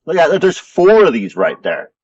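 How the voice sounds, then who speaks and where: A man with a slightly high, a little mellow voice and huge swings in pitch hosts a laid-back garden vlog at a moderate pace, wandering an outdoor desert garden as he rambles. The sound is dull, lo-fi, and dry, without echo.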